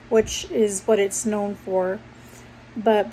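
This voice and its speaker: A woman's voice: mid-range voice, steady tone, unhurried, dark tone, rough recording. A young woman vlogger casually telling a personal story, rambling and correcting herself as she goes. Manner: rambling, self-correcting, conversational. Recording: faint background noise.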